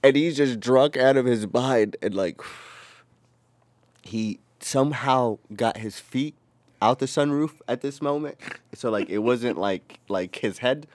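A young man co-hosting a casual podcast, telling a rowdy story with lots of profanity and loud acted-out quotes. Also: medium pitch, slow, no echo. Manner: animated, profane, acts out quotes in a raised voice. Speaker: podcast co-host.

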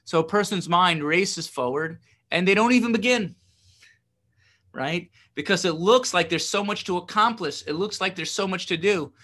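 A man's voice: high-pitched, moderate pace, sharp tone. A man teaching a religious text lesson, reading passages and translating them, explaining with rhetorical questions and a frequent "right?".

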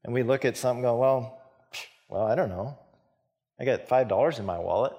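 A man's voice: mid-range voice, a little fast, muffled recording. A man preaching a casual sermon, retelling a Bible story in plain everyday talk and acting out the dialogue with chuckles. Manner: animated storytelling, acts out dialogue with laughs. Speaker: pastor.

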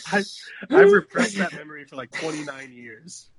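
A man's voice: a little high, huge pitch swings, moderate pace, a crowd in the background. A man in his thirties co-hosting a podcast in casual chat, joking and slipping into silly voices. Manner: jokey, slips into silly voices. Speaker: podcast co-host.

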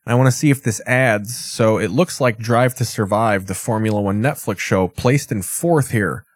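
Low-voiced man in rambling profane commentary. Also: moderate pace. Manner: rambling, sarcastic, swears often. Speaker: streamer reacting to a show.

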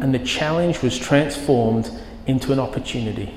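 A man's voice: medium pitch, moderate pace, hardly any pauses, darkish tone. A man preaching a sermon as pastor, telling a story with vivid, emphatic quoted lines. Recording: echoey hall with long reverb.

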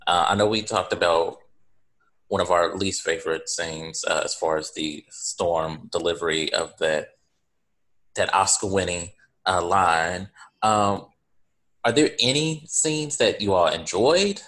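Very deep-voiced man hosting a chat. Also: a little slow. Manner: relaxed, steers the talk between topics. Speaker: podcast host. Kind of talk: casual chat.

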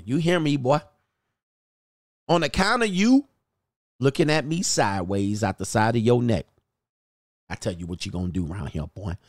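A man voicing a bigoted, menacing old small-town judge who taunts in a slow drawl. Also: lowish voice, dry recording, clean studio sound. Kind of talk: mock role-play on a livestream.

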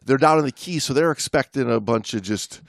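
A man's voice: medium pitch, fairly quick, vocal fry, no room sound, clean studio sound. A man co-hosting a podcast, telling stories in casual chat with many restarts and laughs. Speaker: podcast co-host.

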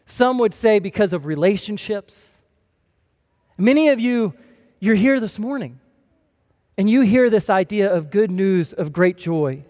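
A young male pastor with a notably high voice delivers a lively, storytelling sermon. His words ring with the long reverb of a big church hall. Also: unhurried, long pauses. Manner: storytelling, animated and humorous.

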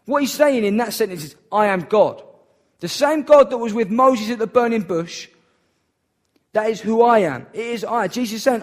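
A man's voice: high-pitched, normal speed. A man preaching a sermon in an earnest, emphatic way, repeating key phrases for weight.

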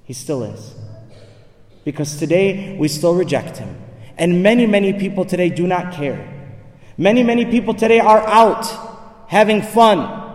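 A man's voice: high voice, lively intonation, normal speed. A male priest preaching a sermon with impassioned, repeated rhetorical questions, recorded from far off in a church. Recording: echoey church hall from far off.

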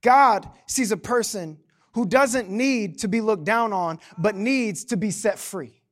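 Male pastor, very high voice, animated sermon delivery with playful asides. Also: unhurried. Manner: animated, joking asides to the congregation.

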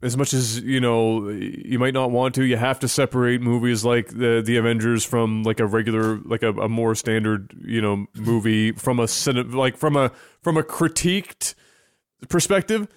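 A man's voice: mid-range voice, fairly even intonation, normal speed, smooth, no room sound, clean studio sound. A man co-hosting a gaming podcast, talking in an easygoing way, hedging with fillers. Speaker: podcast co-host. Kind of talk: casual chat.

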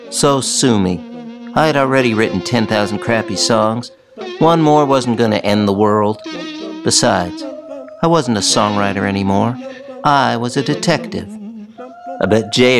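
A man reading a first-person detective story in a dry, deadpan manner. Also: fairly low pitch. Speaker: narrator.

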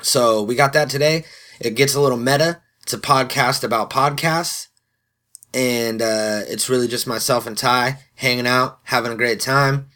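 A man's voice: mid-range voice, normal speed, pushed and bright. Casual swearing podcast host, man. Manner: loose and swearing, self-mocking asides. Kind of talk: casual solo podcast intro. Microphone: studio podcast microphone.

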